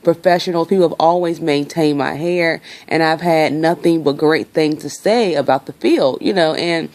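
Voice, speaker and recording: A woman's voice: lowish voice, a little mellow. A young woman venting her frustration in a casual vlog, talking freely and swearing. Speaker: vlogger.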